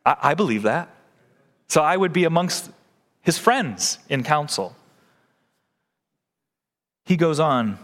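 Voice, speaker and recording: A male pastor delivers an earnest sermon from the pulpit, pausing to put questions to his congregation. His voice sits a little high for a man. The sound carries the long reverb of a large sanctuary. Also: expressive, a bit bright. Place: church sanctuary.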